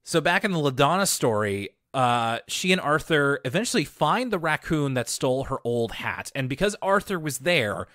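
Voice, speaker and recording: Male podcast co-host, mid-pitch, dry booth sound, relaxed wry recap. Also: no room sound. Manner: laid-back and wry, with filler words. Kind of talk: casual episode recap.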